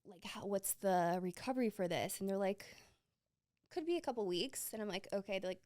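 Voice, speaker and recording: A woman's voice: mid-range voice, animated, a little fast, a little mellow. Young woman telling a personal story. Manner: emotional, many "like" fillers. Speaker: podcast host.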